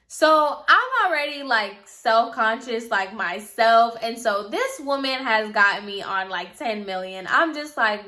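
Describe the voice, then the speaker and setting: Bright-voiced chatty young woman. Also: fairly high pitch, normal speed, few pauses. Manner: chatty, filler-heavy with frequent "like". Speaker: hairstylist. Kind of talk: casual storytime.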